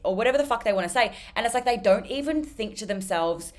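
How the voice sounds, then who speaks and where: Young woman, solo podcast host; blunt, foul-mouthed, filler-heavy chat that swings loud and soft. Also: on the high side, fast, few pauses. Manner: animated, jumps between loud and soft. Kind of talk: casual solo podcast monologue.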